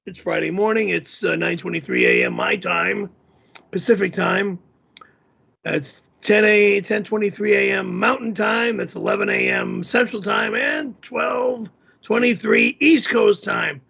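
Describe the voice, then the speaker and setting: A man's voice: sits high, big pitch swings, a little slow, gravelly, sharp tone, slightly rough. A man hosting a casual live stream, rambling and poking fun at himself over a remote call mic. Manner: rambling, self-deprecating. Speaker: host. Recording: muffled lo-fi call audio.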